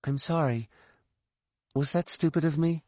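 A man voicing a quick, chatty young woman starfighter pilot in an audiobook, softer and higher than his narration. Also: animated, no room sound, studio quality. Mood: chatty, quiet. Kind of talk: audiobook character voice.

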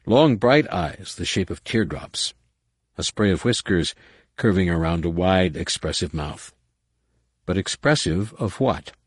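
A male narrator reads an audiobook in a very low voice, with a husky edge to it. His pace is measured and dramatic, and the recording is dry and close. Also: no echo. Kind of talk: scripted narration.

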